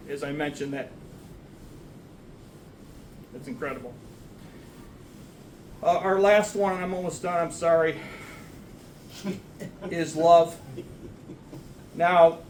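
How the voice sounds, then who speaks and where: A man's voice: a little high, reverberant, far from the mic, a little hiss or hum, rough recording. A man, the son of the deceased, speaking at a memorial service in a church, rambling and self-deprecating. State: getting emotional. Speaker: son giving a eulogy. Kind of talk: memorial speech. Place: church sanctuary.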